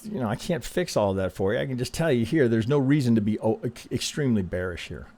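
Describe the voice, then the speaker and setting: A man hosting casual chart analysis, speaking in a calm, reassuring way, often restarting sentences and checking in with "right?". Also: medium pitch, quick pace. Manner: conversational, frequent restarts, ends thoughts with "right?". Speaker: trading analyst host.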